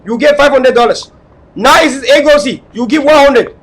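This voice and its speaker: High-pitched man lecturing. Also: normal speed, a bit bright, low-quality recording. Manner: hectoring, repetitive, lecturing. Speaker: talk show host. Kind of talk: online talk show monologue.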